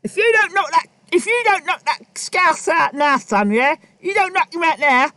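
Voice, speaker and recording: A man voicing a gruff boxing trainer, bluntly urging his fighter with repeated orders. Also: extremely high pitch, expressive, normal speed, bright, forceful tone, no room sound, studio quality, voice pushed up, exaggerated voice. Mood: urgent.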